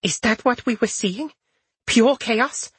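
A man voicing a kind, elderly female sprite in a high, thin voice for an audiobook. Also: slow pace, fairly bright tone, breathy edge, no echo, full character voice. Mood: shaken.

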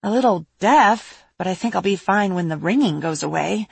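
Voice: medium pitch, lively intonation, normal speed, vocal fry, husky, no room sound. Brief: timid, shaky young companion, read by a woman, storybook. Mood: uneasy.

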